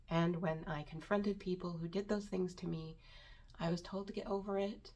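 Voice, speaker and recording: Low, gravelly-voiced woman giving earnest advice. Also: steady tone, unhurried, darkish tone. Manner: earnest and emphatic, repeats words for stress. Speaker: self-improvement vlogger. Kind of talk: personal advice talk to camera.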